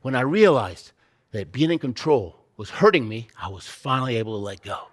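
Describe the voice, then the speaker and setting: A man's voice: medium pitch, big pitch swings, a little fast. A man giving a motivational keynote, telling a vivid, dramatic story with sound effects and emphatic rhetorical questions. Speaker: keynote speaker.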